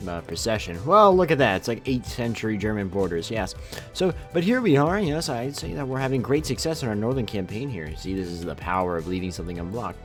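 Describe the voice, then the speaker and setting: Low-voiced guy doing let's-play commentary, sarcastic and jokey, swings up and down a lot, faint music behind. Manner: sarcastic, playful, exclaiming. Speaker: gaming YouTuber.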